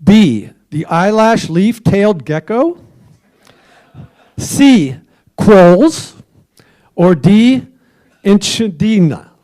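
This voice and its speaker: High-voiced man running a trivia quiz. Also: very animated, extremely slow, long pauses, warm tone. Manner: jokey, chatty, offers hints for a dollar. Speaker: quizmaster at a club meeting. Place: club meeting room.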